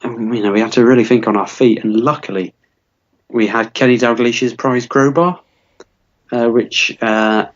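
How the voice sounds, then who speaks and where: Twenty-something guy rambling thru a silly story, lots of um and you know, mid pitch. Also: fairly even intonation, normal speed. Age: 20s. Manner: rambling, full of fillers and restarts. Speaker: podcast co-host. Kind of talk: comedic storytelling chat. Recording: dull lo-fi podcast audio.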